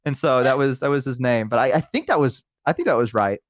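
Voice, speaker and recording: A man with a middle-pitched voice chats casually as a stream guest, telling loose childhood stories full of "um" and "like." The recording is dry and close, with no room sound. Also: animated, fast, no room sound. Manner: rambling, filler-heavy storytelling. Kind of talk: casual chat.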